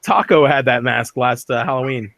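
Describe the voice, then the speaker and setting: A man's voice: mid-range voice, moderate pace, creaky, a bit bright, dry recording. A man hosting a podcast, reviewing a movie in casual chat and often laughing as he acts out scenes. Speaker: podcast host.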